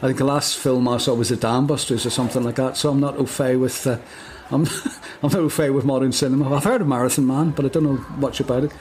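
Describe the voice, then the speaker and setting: A man's voice: medium pitch, steady tone, quick pace, hardly any pauses, a little mellow. Male co-host, playful chatter, laughs a lot, faint hiss behind. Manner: jokey, laughs often, playful asides. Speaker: podcast co-host. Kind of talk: casual chat.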